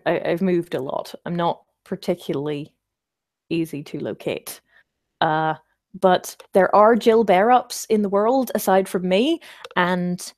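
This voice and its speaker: A woman's voice: medium pitch, darkish tone. A woman hosting a casual livestream, chatting and rambling as she answers viewer comments, with wry self-deprecating asides.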